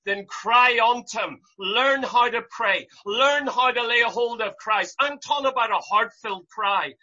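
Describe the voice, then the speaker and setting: Impassioned preacher, bright voice, lo-fi. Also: mid-range voice, a little slow. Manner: impassioned, repetitive rhetorical questions, rising to loud cries. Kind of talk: sermon.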